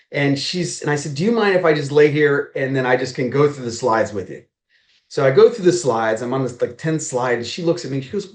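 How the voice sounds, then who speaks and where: Animated storytelling man, roomy sound. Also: medium pitch, a little fast. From Maryland, US. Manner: animated storyteller acting out quoted dialogue. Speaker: guest, real estate agent. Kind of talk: storytelling in a podcast interview.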